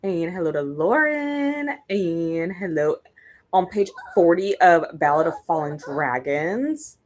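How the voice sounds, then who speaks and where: A young woman with a somewhat low voice hosts a relaxed reading livestream. She chats casually and greets viewers by name one after another, with an easy, conversational flow. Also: slow pace. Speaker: readathon livestream host.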